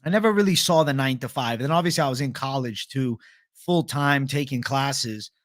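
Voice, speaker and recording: A man's voice: medium pitch, brisk, no room sound, studio quality. Laid-back young man chatting live. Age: young adult. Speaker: host. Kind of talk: casual live-stream chat reading comments.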